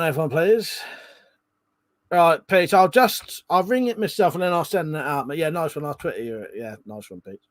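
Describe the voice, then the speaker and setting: A British man with a fairly high-pitched voice hosts a casual live stream with no echo. He chats loosely, swears freely and reads out viewer comments.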